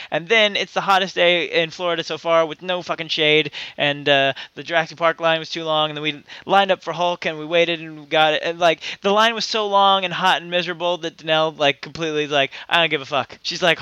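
Man, casual podcast host, high bright voice, rambling and profane. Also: clean tone, no room sound, highs cut off.

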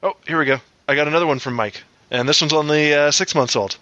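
A man's voice: on the high side, quick pace, sharp tone, lo-fi sound. A man hosting a casual comedy podcast, telling jokes and laughing a lot. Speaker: podcast host. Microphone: headphones and desk mic, remote call.

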